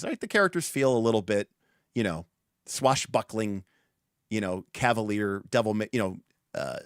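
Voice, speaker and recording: Animated, rambling male livestream host. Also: lowish voice, dry recording, clean studio sound. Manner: animated and rambling, with restarts and fillers. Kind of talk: casual livestream chat.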